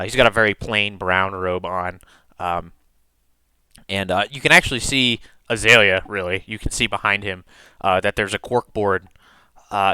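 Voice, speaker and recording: A man acts as game master for a tabletop game, describing scenes in a relaxed, rambling manner packed with fillers. His lowish voice comes through clean, with no echo.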